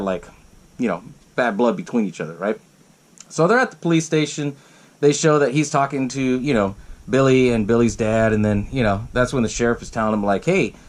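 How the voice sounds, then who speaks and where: A man talks through a horror movie on his podcast, rambling and swearing, laughing at his own jokes. His pitch swings widely as he jumps in and out of the characters' lines. He sits in the middle range for a man. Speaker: podcast host. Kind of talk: casual movie recap.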